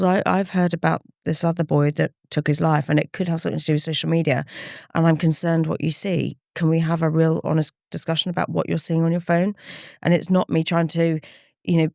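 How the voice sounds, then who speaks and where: A middle-aged woman with a slightly low voice talks through hard memories in an interview, earnest and reflective. She often slips into quoted speech as she recalls conversations. The sound is close and dry, with no room around it. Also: gravelly, a little mellow, no room sound. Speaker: campaigner guest. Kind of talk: candid interview talk.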